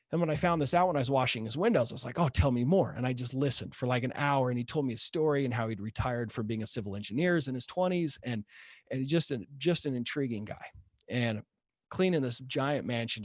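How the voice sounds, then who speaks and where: A man guest telling a casual story, lively, peppering his talk with "right?" and "like". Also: medium pitch, no room sound, studio quality. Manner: animated, rising to excitement; many fillers like "right?" and "like".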